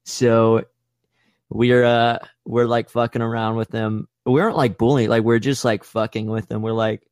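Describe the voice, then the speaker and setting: A man's voice: level tone, moderate pace, a little mellow, no echo. Young man telling crude stories, dry mic. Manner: crude, profane, playful storytelling; acts out voices with big pitch jumps. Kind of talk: casual storytelling chat.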